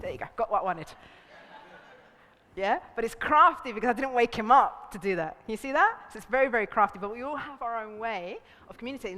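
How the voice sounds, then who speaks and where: Woman, seminar leader, fairly high voice, lively, acts out quotes, reverberant hall. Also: quick pace. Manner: animated, acts out voices in quotes, laughs often. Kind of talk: relationship seminar talk. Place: seminar room.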